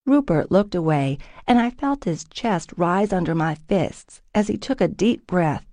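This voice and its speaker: A woman reading first-person audiobook narration in a steady, expressive way from a close studio mic. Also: on the low side, a little slow, hardly any pauses, no echo.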